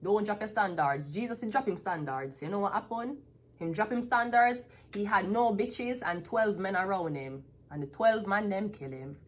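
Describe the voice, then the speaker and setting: A woman's voice: medium pitch, animated, moderate pace. A woman, a tarot reader ranting bluntly and profanely to the camera. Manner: profane, blunt, emphatic, laughs often. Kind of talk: unscripted rant to camera.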